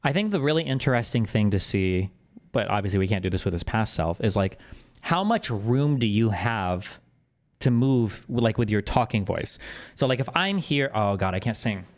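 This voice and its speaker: A man talking casually on his stream, explaining things quickly and animatedly, his voice jumping higher when he gets exasperated. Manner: fast, animated, explanatory talk that jumps up in pitch when exasperated. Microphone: close desk microphone.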